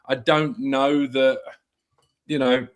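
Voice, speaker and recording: A man joining a casual football fan chat as a panelist, laid-back and measured, swearing casually. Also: mid-range voice, flat delivery, smooth. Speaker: guest panelist.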